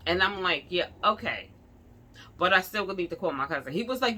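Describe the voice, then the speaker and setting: A woman's voice: fairly low pitch, fairly quick, bright, forceful tone. A young woman, ranting and telling a story in casual street slang, acting out the people she quotes. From New York. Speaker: vlogger.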